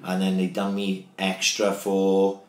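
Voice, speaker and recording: A man's voice: low voice, monotone, slow pace, slight background noise. A Welsh man, a former footballer, telling sweary stories in a casual podcast chat. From Wales. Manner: loose storytelling, heavy swearing. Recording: roomy echo.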